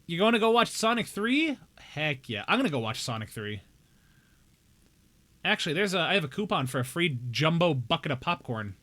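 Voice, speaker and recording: A young man's fairly high, sing-song voice, bright and forceful, carries at normal speed as he live-streams a game. He chats casually and jokingly with viewers, talking straight to chat with mock outrage.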